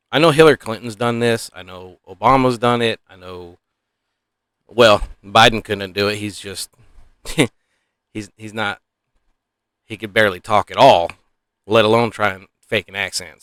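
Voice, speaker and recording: A man's voice: fairly low pitch, pushed and bright, clean tone, dry recording, clean studio sound. A man giving casual, opinionated political commentary, rambling and sighing often.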